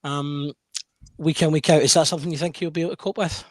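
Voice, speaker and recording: A man's voice: on the high side, fairly even intonation, fast talker, no echo, clean studio sound. A man hosting a podcast, reading out listener questions in a hesitant way with many fillers. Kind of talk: casual podcast chat.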